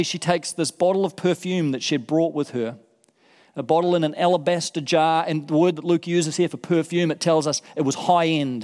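Higher-voiced male preacher in a reverberant hall. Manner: vivid, conversational retelling with rising emphasis. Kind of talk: sermon storytelling.

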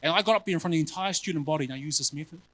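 A male preacher giving a sermon in an animated, self-mocking way, often calling his listeners family. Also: a little high, racing, no echo, poor audio.

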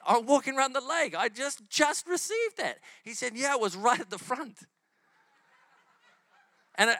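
A man's voice: on the high side, no echo. A man preaching, telling healing stories and acting out the people in them. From New Zealand. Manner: animated, acts out the people in his stories. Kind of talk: sermon storytelling.

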